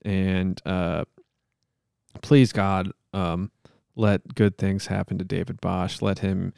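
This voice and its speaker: A man's voice: low voice, level tone, slow, vocal fry, a little mellow, smooth, dry recording, studio quality. A man hosting a casual podcast, joking around and putting on a mock-solemn prayer. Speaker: podcast host.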